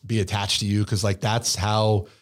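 A man's voice: fairly low pitch, flat delivery, moderate pace. A young adult man from the Bay Area with a Californian accent, an actor chatting casually in an interview and peppering his talk with "like" and "you know". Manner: laid-back, heavy use of "like" and "you know". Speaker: actor guest.

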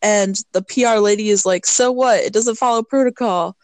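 A woman's voice: medium pitch, normal speed, no room sound, poor audio. A woman co-hosting a podcast, casually recapping a movie with lots of fillers and acted-out quotes. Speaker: podcast co-host.

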